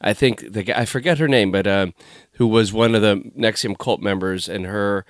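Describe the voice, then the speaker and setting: A man's voice: lowish voice, moderate pace, dry recording, studio quality. A man hosting a podcast in casual conversation, rambling and breaking off his own sentences. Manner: rambling, self-interrupting, chatty. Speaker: podcast host.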